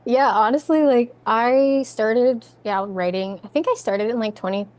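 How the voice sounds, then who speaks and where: A woman with a Canadian accent, an author guest in a relaxed podcast chat, talking in a chatty, self-deprecating way and laughing easily. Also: on the high side, moderate pace.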